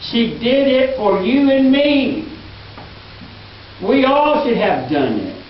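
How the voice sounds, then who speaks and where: Man, pastor preaching, earnest, emphatic, unhurried delivery, dull lo-fi sound, faint hiss. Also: big pitch swings. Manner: slow, earnest preaching that swings between emphatic highs and quiet asides. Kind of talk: sermon. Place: church sanctuary. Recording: echoey hall, distant mic, dull lo-fi.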